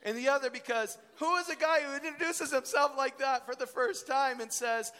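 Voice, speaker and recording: A young man teaching at a ministry school, telling stories in an animated preaching style. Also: extremely high pitch, moderate pace. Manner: animated storytelling, voice rising and falling with emotion. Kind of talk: sermon. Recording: long hall reverb.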